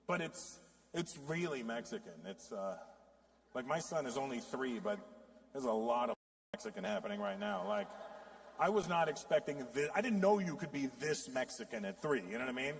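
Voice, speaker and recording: A man in his fifties performs stand-up on a big stage, his fairly high voice ringing with long hall reverb. He's profane and animated, jumping into quick acted voices for the people he mocks. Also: creaky. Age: 50s. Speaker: stand-up comedian. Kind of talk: stand-up comedy routine. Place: large live venue with audience.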